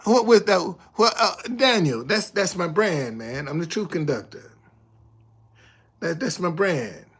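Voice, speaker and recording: A man's voice: unhurried, husky. An older man streaming live, retelling a confrontation with heavy profanity and repetition, then chatting with viewers. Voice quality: profane, emphatic storytelling with repetitions. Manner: animated, loud retelling, drops low when reading chat. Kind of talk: casual live stream talk.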